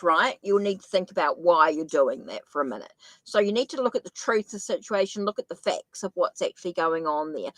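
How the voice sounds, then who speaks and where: A woman's voice: medium pitch, dry recording, rough recording. A woman with a New Zealand accent giving a live-stream tarot reading, thinking aloud and correcting herself as she goes. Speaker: tarot reader.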